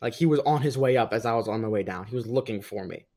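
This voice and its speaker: A young man casually telling a long school story, animated and quick to laugh, mimicking the people in it with a raised voice. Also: fairly low pitch. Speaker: podcast guest. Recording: rough audio.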